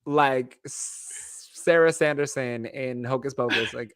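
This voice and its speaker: A man co-hosting a podcast in casual chat, animated and laughing as he hands out cheeky advice. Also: mid-range voice, normal speed, few pauses, dry recording, studio quality. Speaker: podcast co-host.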